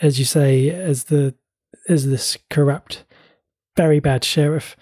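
Husky man chatting about shows. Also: a little high, fairly even intonation, slow pace, a little mellow, dry recording, studio quality. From England. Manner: chatty, restarts words, playful mock indignation. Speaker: podcast co-host. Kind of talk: casual entertainment review chat.

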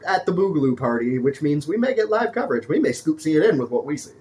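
A man's voice: on the high side, sing-song, quick pace, darkish tone. A man co-hosting a podcast, bantering sarcastically with crude jokes and mock voices. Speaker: podcast co-host.

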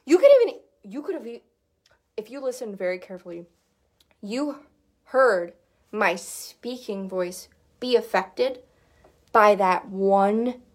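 A woman vocal coach teaching in a casual, chatty way, with lots of fillers and short sung demo notes. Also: mid-range voice.

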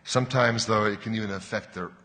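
A man preaching a sermon as pastor, earnest and explanatory, pressing hard on key words and slowing down to stress a point. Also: lowish voice, pushed and bright. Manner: earnest, explanatory, with emphatic rises and slowed stresses. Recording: long hall reverb.

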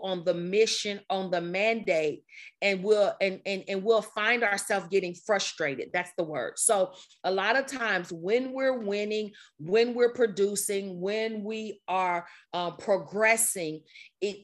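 Through a computer mic, a woman leads an online group session with a motivational talk. Her mid-range voice is slightly strained and slow, while her manner is energetic and conversational, full of repetition and frequent laughter.

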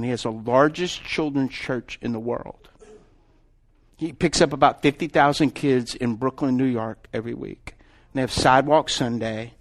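A man, preaching a sermon as pastor, emphatic, swinging from loud calls to hushed storytelling. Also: medium pitch.

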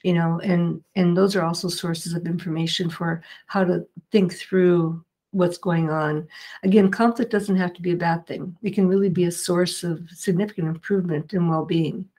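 In an interview, a middle-aged woman appears as a guest and mediator, explaining her work earnestly and patiently. Her voice is on the lower side, steady and dark in tone. She often pauses with fillers and restarts sentences midway.

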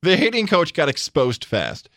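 Expressive sports radio man, slightly high voice. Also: normal speed, no room sound, clean studio sound. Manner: expressive, opinionated, mimics imagined conversations. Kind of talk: casual sports talk.

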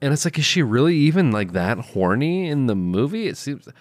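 A man co-hosting a podcast in casual chat, animated and quick to laugh, acting out quotes. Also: mid-range voice, dry recording. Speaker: podcast co-host.

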